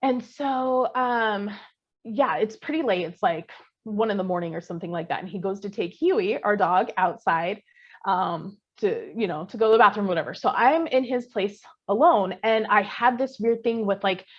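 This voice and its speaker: A woman telling a spooky story to a friend on a podcast, chatty and animated, full of fillers and the odd curse. Her voice sits at a middle pitch. The recording sounds a little dull and lo-fi. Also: normal speed. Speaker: podcast co-host. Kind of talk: casual scary storytelling.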